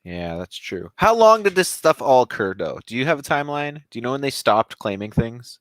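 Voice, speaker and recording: A man's voice: mid-range voice, big pitch swings, brisk, fairly bright tone, no room sound. A man co-hosting a podcast, telling a strange story in a jokey, casual way. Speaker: podcast co-host.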